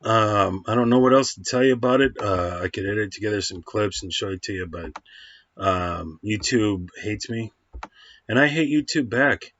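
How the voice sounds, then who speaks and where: A man's voice: on the low side, moderate pace, fairly bright tone, dull audio. A man rambling through a casual film review at home, full of fillers and restarts. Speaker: movie reviewer.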